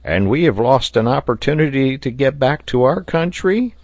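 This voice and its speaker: A man's voice: mid-range voice, animated, moderate pace, a little mellow, no room sound, dull audio, pitched above the performer's own voice, close to an everyday voice. A man reading aloud, voicing an anxious male castaway with a raised, worried manner.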